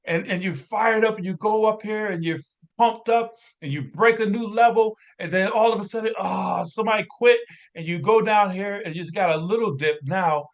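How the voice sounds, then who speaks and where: A man giving a motivational business training talk as a coach, energetic and preachy, talking to his team while drawing on a screen. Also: sits high, moderate pace.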